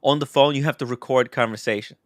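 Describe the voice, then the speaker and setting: A man's voice: medium pitch, steady tone, quick pace, no room sound. Blunt guy hosting a stream, cussing a lot, dry close sound. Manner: blunt, emphatic, swears. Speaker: show host. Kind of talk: casual chat.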